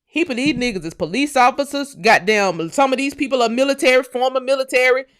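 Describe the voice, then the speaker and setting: A woman's voice: high-pitched, fairly quick, no room sound. Fiery profane woman host, dry sound. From United States. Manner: profane, emphatic, repeating phrases. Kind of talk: heated live-stream rant.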